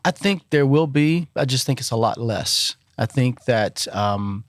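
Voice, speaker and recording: A middle-aged man, a musician guest telling relaxed stories in a casual interview, with many fillers. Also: medium pitch, unhurried, no echo, studio quality. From Alabama, US.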